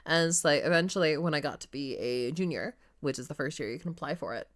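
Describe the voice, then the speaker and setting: A woman on a stream recounts her own school story in casual chat. She talks in a low-key way and swears now and then. Her voice sits fairly low for a woman. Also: fast talker.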